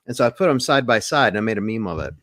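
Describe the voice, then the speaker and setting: A man with a lowish voice co-hosts a casual podcast and rambles through his stories, leaning on lots of filler words. His voice is recorded dry and close, with no room sound. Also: rapid-fire, dry recording. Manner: rambling, relaxed storytelling with many fillers. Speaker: podcast co-host.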